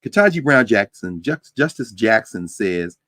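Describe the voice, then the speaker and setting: A man lecturing to a university class, talking in a lively, conversational way with frequent asides to his students. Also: fairly low pitch, moderate pace, no echo. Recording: dry close sound.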